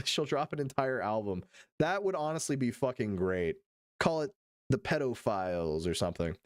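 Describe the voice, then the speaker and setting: A young man streaming, reacting to clips in profane, excited commentary full of laughs. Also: mid-range voice, no room sound, studio quality.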